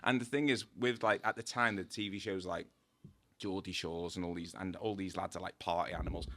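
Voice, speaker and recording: A man with a low-pitched, forceful voice, recorded dry and close. He tells casual stories as a podcast guest, playing out both sides of each conversation, and he laughs often as he goes. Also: a little fast, no room sound. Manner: lively storyteller, acts out dialogue, laughs often. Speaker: guest, tattoo artist. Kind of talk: casual anecdote-telling.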